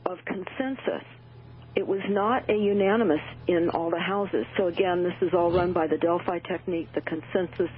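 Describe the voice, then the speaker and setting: A woman calls in as a guest on a radio show, sounding urgent and peppering her speech with lots of "uh" and "um." Her voice is on the low side, steady in tone, at normal speed, and it comes through a tinny phone line.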